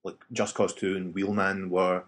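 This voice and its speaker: A man co-hosting a casual podcast chats about video games, rambling through his opinions with frequent restarts and fillers. His voice is deep and a bit bright, with a level tone at normal speed, and his manner is chatty.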